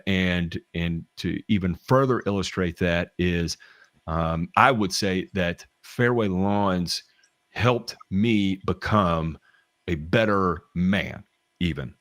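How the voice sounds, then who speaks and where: Middle-aged Southern man, very deep, dry close mic, candid rambling storyteller. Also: dry recording. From American South. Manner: rambling, frequent restarts and fillers, candid with swearing. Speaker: podcast guest telling work stories. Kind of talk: casual chat.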